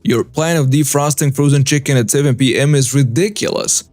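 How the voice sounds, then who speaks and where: A man's voice: medium pitch, fairly quick, no room sound. A man narrating a reader-submitted story as scripted narration, reading in short clipped phrases. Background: soft background music.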